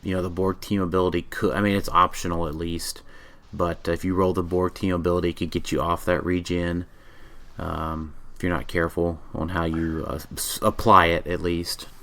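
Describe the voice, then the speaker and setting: Deep-voiced man reading game stats. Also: level tone, a bit bright. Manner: halting, many ums, reads card stats aloud. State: yawning, tired. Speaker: podcast co-host. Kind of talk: casual game review chat.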